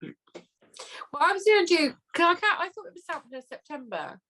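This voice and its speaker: A woman's voice: very high voice, very animated, pushed and bright. Teasing chatty Southwest English woman. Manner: teasing, chatty, quick to laugh. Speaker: co-host. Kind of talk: casual chat.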